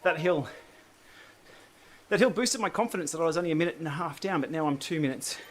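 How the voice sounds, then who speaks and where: A man's voice: on the high side, lively intonation, fast talker. An Australian man hosting a casual cycling livestream, chatting and answering viewer comments while he pedals on an indoor trainer. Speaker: cycling channel host.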